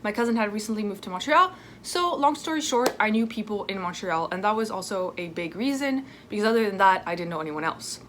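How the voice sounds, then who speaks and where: A woman in her twenties from France, talking casually in a sit-down vlog at home, chatty and lively with asides. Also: medium pitch, a little fast. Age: 20s. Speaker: vlogger. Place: home indoors. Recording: faint dishwasher noise at home. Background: dishwasher noise.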